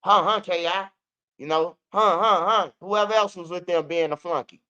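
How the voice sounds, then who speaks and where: Bright, high-voiced Chicago man telling stories. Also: normal speed, clear, resonant tone. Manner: animated, profane, acts out quotes of others. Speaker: guest telling street stories. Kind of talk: casual storytelling.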